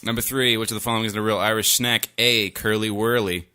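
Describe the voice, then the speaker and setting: A man's voice: on the low side, steady tone, fast talker, sharp tone. A man co-hosting a comedy podcast, reading out quiz questions and cracking profane jokes in casual banter. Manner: profane, joking quizmaster. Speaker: podcast co-host running a quiz.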